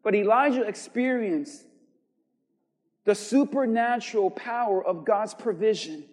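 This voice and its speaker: A man preaching a sermon as pastor, swinging from quiet, measured lines to shouted emphasis. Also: high-pitched, long reverb tail. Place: church.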